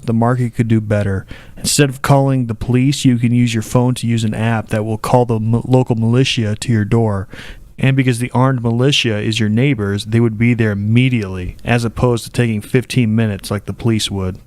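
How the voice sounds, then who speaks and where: A man's voice: medium pitch, steady tone, brisk, darkish tone, no room sound. A man giving satirical video commentary in a mock-earnest, sarcastic delivery. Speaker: video essayist.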